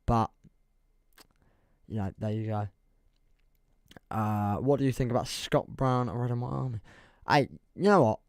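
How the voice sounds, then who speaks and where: A man's voice: medium pitch, steady tone, unhurried, long pauses, a little mellow, no room sound, studio quality. A young man with an English accent chatting casually on a football livestream, rambling and laughing as he reads the chat. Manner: rambling, self-deprecating, reads chat aloud, laughs often.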